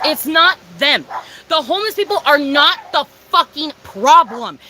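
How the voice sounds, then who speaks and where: A woman's voice: high voice, background noise. A young woman talking casually from home during a livestream, emphatic and profane, answering her chat.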